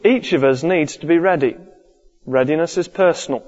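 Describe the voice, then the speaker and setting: A man's voice: fairly high pitch, normal speed, darkish tone. A man preaching a sermon earnestly, repeating his key points. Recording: dull lo-fi recording with long hall reverb.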